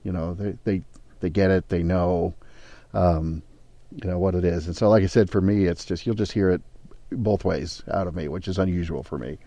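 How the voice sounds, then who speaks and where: A man with a very low, dark and mellow voice, chatting casually. He drifts into playful, self-mocking tangents and dry jokes. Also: steady tone, moderate pace, no room sound. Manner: playful, self-deprecating asides. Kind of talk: casual chat.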